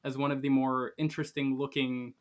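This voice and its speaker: A man's voice: mid-range voice, little pitch movement, brisk, a little hiss or hum. A man co-hosting a casual sports podcast, teasing and ribbing the other hosts. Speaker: podcast co-host.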